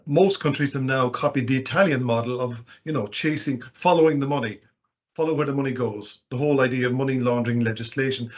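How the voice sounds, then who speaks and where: A man speaking as a guest expert in a webcast, explaining at length with many fillers and restarts. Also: medium pitch. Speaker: guest speaker, financial crime publisher. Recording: dull, muffled webcast audio.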